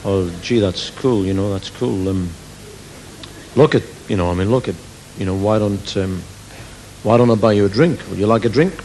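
A man voicing a smarmy young male wine-bar Casanova who croons low and hesitates with ums. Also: moderate pace, background noise, close to an everyday voice. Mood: crooning. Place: live theatre stage.

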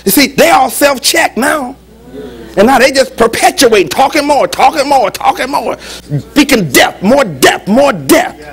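A man preaching a lively, humorous sermon as pastor in a church, with call-and-response. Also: very high voice, measured pace. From United States.

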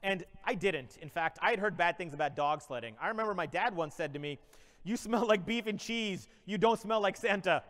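Fast-talking, high-voiced comic keynote man. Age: 40s. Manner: energetic, playful storyteller who often breaks into laughter. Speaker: motivational keynote speaker. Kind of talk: improvised comedic motivational story. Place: large conference hall. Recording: long reverb of a large conference hall.

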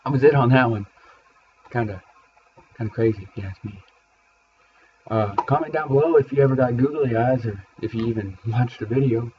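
A man's voice: mid-range voice, moderate pace, long pauses, slight background noise. Young man, amateur rapper, offhand casual talk, muffled lo-fi sound. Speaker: amateur rapper and video maker. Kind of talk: casual spoken outro to viewers. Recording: dull lo-fi home recording.

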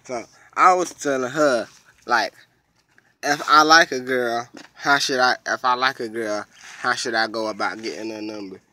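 A man's voice: mid-range voice, normal speed, pushed and bright. A man in his twenties chatting casually with a child on a vlog, playfully egging her on and echoing her answers. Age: 20s. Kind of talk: casual chat.

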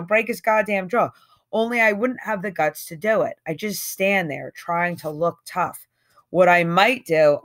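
Lady doing an audiobook read, chatty first-person narration, punchy swings in emphasis. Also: sits low. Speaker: audiobook reader. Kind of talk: reading a novel aloud in first person.

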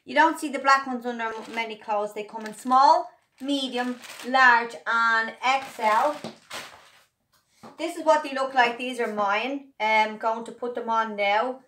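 A woman's voice: fairly high pitch, a little slow, fairly bright tone. A woman chatting casually to camera as she demonstrates and sells her own product, playful and upbeat. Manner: chatty, playful and upbeat, addressing viewers as girls. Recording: echoey room.

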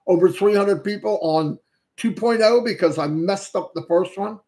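A man with a high, mellow voice and a moderate pace welcomes livestream viewers one after another through a headset. It's casual shout-out talk, and now and then he trips on a name.

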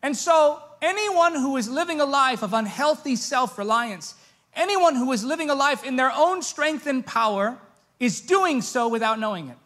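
High-voiced man preaching with rising intensity. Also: expressive, normal speed. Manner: moves from soft, hushed storytelling to loud, pitched-up preaching. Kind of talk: sermon.

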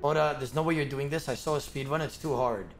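A man live-streaming a game, talking to himself and to his chat, with sudden bursts of loud yelling and laughter. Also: mid-range voice, fast, faint music behind.

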